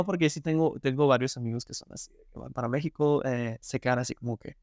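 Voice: medium pitch, racing, a little mellow, no echo, studio quality. A speaker chatting casually as a podcast co-host, blunt and profane, with lots of fillers. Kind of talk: casual chat.

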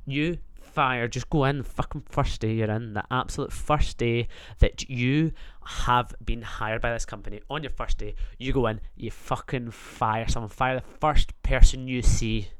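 A man's voice: mid-range voice, fairly bright tone, clear, resonant tone. A man delivering a profane, rambling, jokey rant to his stream audience. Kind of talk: comedic rant.

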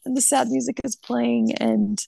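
A woman's voice: fairly high pitch, fairly even intonation, moderate pace, vocal fry, warm tone, dry recording. A young woman in a casual chat, speaking in a nostalgic, hesitant way with many fillers.

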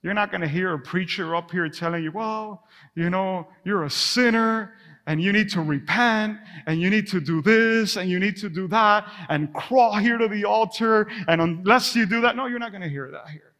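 A man's voice: high voice, normal speed, a bit bright. A man preaching a sermon as pastor of his church, passionate and conversational, sometimes dropping his voice to a whisper. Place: church sanctuary. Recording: long reverb of a church hall.

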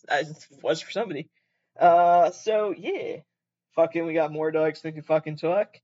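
A man's voice: a little high, fairly even intonation, moderate pace, a little mellow, dull audio. A young man from Canada with a Canadian accent, hosting a podcast in a casual, rambling way, swearing a lot and often correcting himself. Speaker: podcast host. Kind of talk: casual solo podcast chat.

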